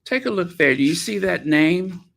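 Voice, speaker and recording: A man's voice: high voice, lively intonation, normal speed, creaky, fairly bright tone. A man hosting a commentary channel, talking in a sarcastic, mocking way. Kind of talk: casual commentary.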